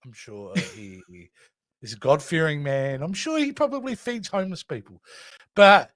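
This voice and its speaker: Aussie guy on a podcast, high lively voice, joking around. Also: normal speed, no room sound. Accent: Australian. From Australia. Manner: wry, joking, animated. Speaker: podcast co-host. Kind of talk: casual chat.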